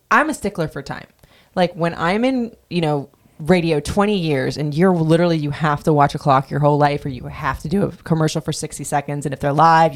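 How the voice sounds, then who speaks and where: Low-voiced woman ranting on a podcast. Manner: blunt, ranting, swears freely. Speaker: podcast host. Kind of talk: casual podcast chat.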